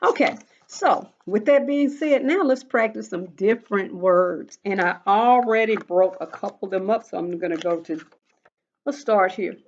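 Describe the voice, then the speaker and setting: A woman teaching a recorded phonics lesson to first graders, slow and patient, repeating each rule in a drill. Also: medium pitch, lively intonation, highs cut off.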